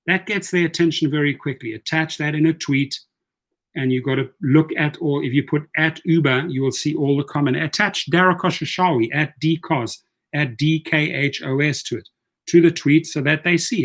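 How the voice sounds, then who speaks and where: A man's voice: fairly high pitch, normal speed, a bit bright. A man giving casual livestream advice as a rideshare coach, reading viewer comments aloud and answering them in a chatty way, often repeating words as he goes.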